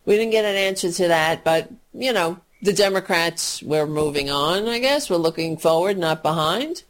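A woman's voice: fairly low pitch, expressive, moderate pace. A woman filling in as a radio talk host, ranting about politics in a profane, indignant and sarcastic way.

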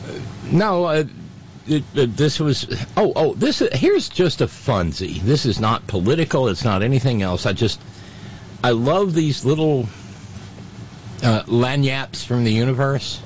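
A man hosting a talk radio show, giving political commentary in a halting, sarcastic way full of fillers. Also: medium pitch, lively intonation, a little hiss or hum.

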